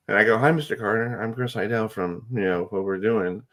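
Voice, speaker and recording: Rambling, excitable sports radio host man. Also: on the low side, quick pace, few pauses. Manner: rambling, excitable storytelling with many fillers. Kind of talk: casual radio chat.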